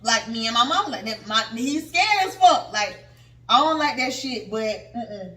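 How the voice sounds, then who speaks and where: A woman in her thirties co-hosting a podcast, telling a story in casual chat, animated and swearing freely. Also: fairly high pitch, unhurried. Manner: animated, swearing, acts out quotes. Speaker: podcast co-host. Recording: echoey room, distant mic, faint noise.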